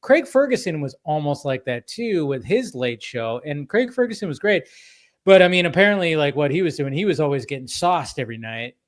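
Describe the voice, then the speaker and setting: A man's voice: fairly high pitch, very animated, a little fast. A man hosting a live stream, chatting casually and rambling with many restarts and acted-out quotes. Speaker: stream host. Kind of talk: casual chat.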